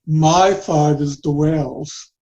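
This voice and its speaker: A middle-aged man co-hosting a casual chat about films, relaxed and halting, often chiming in with short replies. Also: a little high, highs cut off. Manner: relaxed, halting, chimes in briefly. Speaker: podcast co-host.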